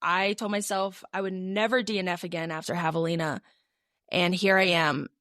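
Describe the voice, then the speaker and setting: With a fairly low, steady, slightly bright voice at a moderate pace, this young adult woman co-hosts a podcast and tells a personal story. Her delivery is casual and chatty, packed with fillers. There's no room sound, and the studio audio is clean.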